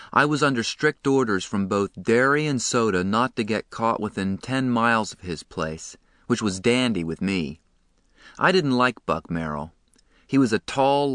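A man narrating a novel in the first person, steady and storytelling. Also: on the low side, no room sound, studio quality. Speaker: audiobook narrator.

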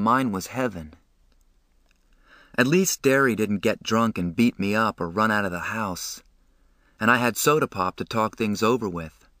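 A man reading a novel aloud as an audiobook narrator, expressive and emotional in the first person. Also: deep voice, no echo, studio quality.

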